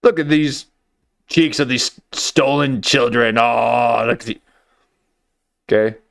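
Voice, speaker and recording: A man's voice: medium pitch, takes it slowly, creaky, a bit bright, no echo, studio quality. A man hosting a comedy commentary livestream, talking in a wry, rambling way with lots of fillers and restarts.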